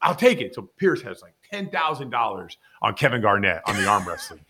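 A man, a former player and podcast guest, telling a rambling, animated anecdote full of "like" fillers and acted-out quotes. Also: lowish voice, brisk. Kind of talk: animated storytelling.

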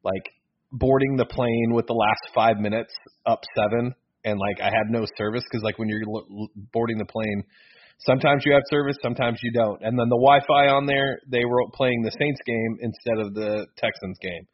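A man co-hosting a casual sports podcast, rambling and excitable, often correcting himself mid-sentence. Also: medium pitch, moderate pace, a little hiss or hum. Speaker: podcast co-host. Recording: dull lo-fi podcast audio.

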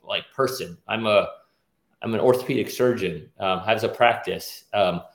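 Halting middle-aged man in a roomy space. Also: lowish voice, vocal fry. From Nashville, US South. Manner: halting, many restarts and fillers. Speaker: guest, orthopedic surgeon and task force chair. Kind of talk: interview conversation.

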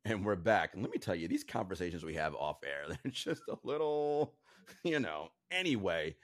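A man's voice: deep voice, moderate pace, faint music behind. Guy cohosting a chatty sneaker show, voice swings up and down a lot, keeps restarting his words. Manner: animated, rambling, repeats words while thinking. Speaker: podcast co-host. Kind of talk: casual chat.

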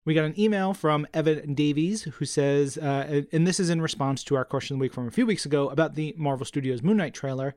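Chatty podcast guy, kinda higher voice, dry close sound. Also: fast talker, hardly any pauses, a little mellow, no echo. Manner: friendly, reads emails aloud. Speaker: podcast co-host. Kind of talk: casual podcast chat.

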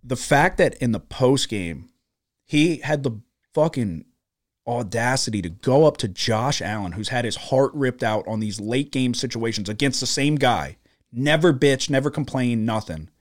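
Man, podcast co-host, heated profane rant, casual sports chat, mid-pitched voice, studio. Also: lively intonation, moderate pace.

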